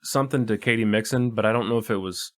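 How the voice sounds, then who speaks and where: A man's voice: lowish voice, quick pace. A man co-hosting a casual movie podcast, laid-back and profane, often restarting his sentences. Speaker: podcast co-host. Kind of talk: casual movie-review chat.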